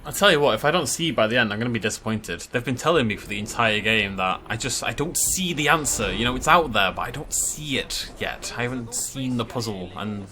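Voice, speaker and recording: A man talks over his game in a chatty, excitable way, his voice swinging all over the place. The tone is bright and forward. He drops the odd casual swear along the way. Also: medium pitch, brisk, hardly any pauses, slight background noise. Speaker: let's play host. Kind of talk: casual gameplay commentary.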